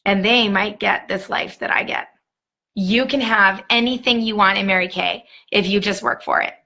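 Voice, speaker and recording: A woman's voice: medium pitch, steady tone, normal speed, creaky, sharp tone. A woman training a new sales team on a live stream, talking in an emphatic, upbeat pep-talk way.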